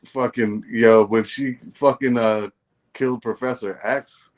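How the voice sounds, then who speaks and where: A man with a middle-pitched voice, chatting loosely as a co-host on a movie review. His talk is slangy and profane, full of "bro". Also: steady tone, unhurried. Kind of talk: casual chat.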